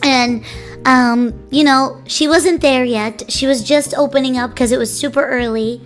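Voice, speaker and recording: A woman streamer tells a story in a casual, animated way, rambling and cutting herself off as she goes. Her voice sits very high. Light music plays faintly in the background. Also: measured pace. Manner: animated, rambling, self-interrupting.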